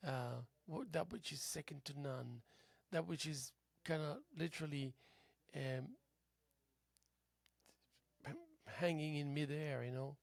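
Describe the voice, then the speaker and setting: A tired man hosting a local TV show, musing aloud in a halting philosophical monologue that drifts into soft whispers. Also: fairly high pitch, steady tone, creaky, no room sound. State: tired, yawning. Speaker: host. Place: local cable TV studio.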